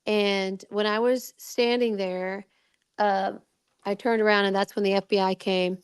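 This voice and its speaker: A middle-aged woman telling a personal story in casual chat, animated, acting out what people said, with many restarts. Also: mid-range voice, unhurried, smooth, dry recording. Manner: animated, acts out quoted voices, many restarts. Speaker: guest recounting a personal experience.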